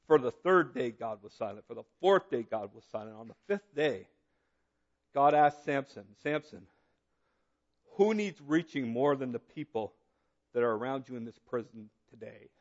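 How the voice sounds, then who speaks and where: A male pastor preaching a sermon, telling a story with repeated emphatic phrases that drop low and quiet for drama. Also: muffled recording.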